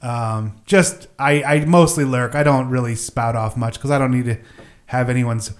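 A man's voice: medium pitch, fairly even intonation, normal speed. A man hosting a casual podcast, rambling and self-mocking, laughing often. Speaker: podcast host. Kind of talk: casual chat.

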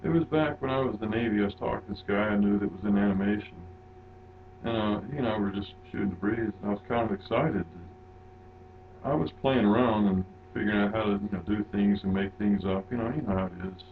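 Low-voiced man chatting on a podcast. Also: quick pace, phone-quality sound, slight background noise. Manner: relaxed, rambling, laughs often. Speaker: podcast co-host. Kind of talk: casual chat.

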